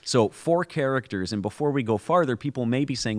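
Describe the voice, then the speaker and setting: A man's voice: mid-range voice, expressive, fairly quick, hardly any pauses. A man co-hosting a podcast, explaining a holiday story in a conversational, storytelling way with frequent restarts. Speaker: podcast co-host.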